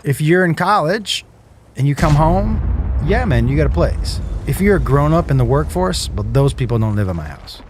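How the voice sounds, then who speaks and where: A man's voice: on the high side, lively intonation, moderate pace, a little hiss or hum. Middle-aged man, emphatic and chatty. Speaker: father of the guest. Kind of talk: casual podcast chat.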